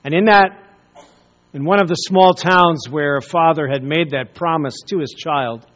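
A man preaching a sermon, telling a story with pauses and repeated words. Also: fairly high pitch, a bit bright, muffled recording. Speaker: pastor.

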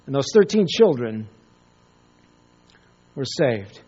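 A man preaching a sermon, telling a story with pauses and repeated words. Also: medium pitch, big pitch swings, mellow, slightly rough, muffled recording. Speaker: pastor.

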